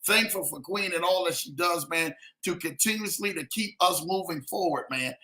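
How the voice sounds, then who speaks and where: A man hosting a casual livestream, hyping viewers with shout-outs and repeated "man" between phrases. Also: high-pitched, moderate pace, roomy sound. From lives in Denver. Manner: hype, repetitive "man" and "in the building". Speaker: livestream host.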